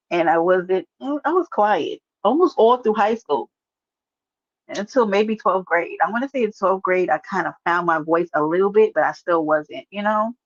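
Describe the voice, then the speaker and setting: A woman's voice: lowish voice, dry recording, muffled recording. A woman hosting a casual livestream, chatting and teasing as she answers viewers by name. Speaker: livestream host. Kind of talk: casual live-stream chat.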